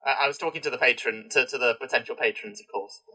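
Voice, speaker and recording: A man's voice: medium pitch, fast talker, sharp tone, breathy edge, low-quality recording. A man co-hosting a podcast in casual chat, upbeat and encouraging. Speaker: podcast co-host.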